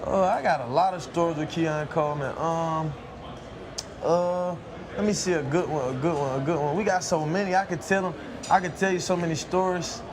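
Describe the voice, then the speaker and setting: A man's voice: fairly high pitch, fairly even intonation, normal speed. A young man, a college football player, being interviewed and answering in a laid-back, colloquial, laughing way. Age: young adult. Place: outdoors at a busy media event. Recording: noisy crowd behind. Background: crowd chatter.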